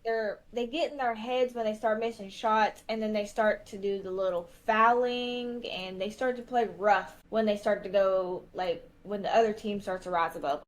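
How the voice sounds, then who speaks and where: A woman's voice: mid-range voice, fairly even intonation, normal speed, few pauses. Hesitant woman talking sports. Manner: hesitant, lots of "like" and "you know". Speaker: podcast co-host. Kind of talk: casual sports chat.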